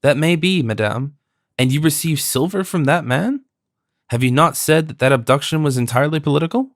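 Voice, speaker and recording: A man voicing a cowardly, greedy fifty-year-old mercer in an audiobook, puffed up with pride and quick to panic. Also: a little high, expressive, no echo, clean studio sound. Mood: smug. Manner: pompous, then nervous. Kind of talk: audiobook character voice.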